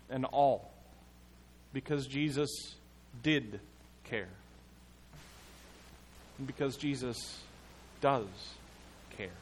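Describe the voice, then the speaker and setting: A man preaching a sermon as pastor, in a measured, emphatic way with dramatic pauses. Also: mid-range voice, a bit bright, slight background noise.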